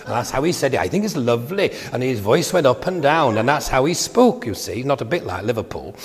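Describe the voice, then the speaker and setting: Gravelly older preacher in a hall. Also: male voice, medium pitch, lively intonation, fairly quick. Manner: conversational, digressive preaching with asides. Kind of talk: sermon. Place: church.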